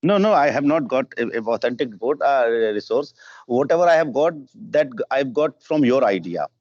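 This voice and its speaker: A man's voice: mid-range voice, lively intonation, brisk, darkish tone, no room sound. A man with an Indian English accent, pressing questions and repeating himself in a workshop discussion. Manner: questioning, repetitive, insistent. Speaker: workshop participant. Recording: dry, dull lo-fi call audio.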